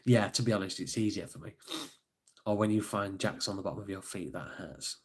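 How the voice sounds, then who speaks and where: A man's voice: lowish voice, lively intonation, normal speed, darkish tone, slightly rough. A man chatting casually on a live stream, rambling and easygoing as he reads out viewer comments. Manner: rambling, laughs easily, reads chat comments aloud. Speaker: livestreamer and author.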